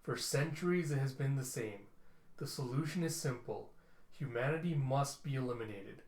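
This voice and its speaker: A man voicing a stern collective of ancient machines who speak in slow, measured pronouncements. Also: medium pitch, darkish tone, natural voice. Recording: echoey room.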